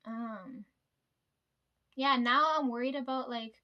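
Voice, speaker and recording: A woman in her late twenties chats her way through a long storytime, wandering off track and cursing freely. Her voice sits a touch high, and she talks in the loose, unscripted way of a vlogger catching up with viewers. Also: steady tone, slow, dull audio. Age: late 20s. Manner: rambling, sidetracked, swears freely. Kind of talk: casual storytime chat.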